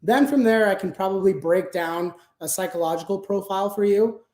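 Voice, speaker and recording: A man's voice: sits high, brisk, a little mellow. Echoey-sounding man explaining sales process. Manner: conversational, filler-heavy, explains step by step. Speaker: guest, sales manager. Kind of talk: casual interview talk.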